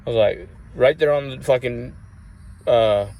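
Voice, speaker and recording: A man's voice: mid-range voice, unhurried, dark tone. A man vlogging, telling rambling personal stories in a casual way, swearing often and using many fillers. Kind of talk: casual storytelling.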